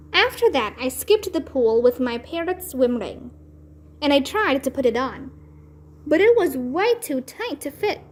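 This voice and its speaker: Woman reading a kids book out loud, high voice, really lively and slow. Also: slight background noise. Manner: expressive, deliberate storytelling. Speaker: read-aloud channel host. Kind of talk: children's book read-aloud narration.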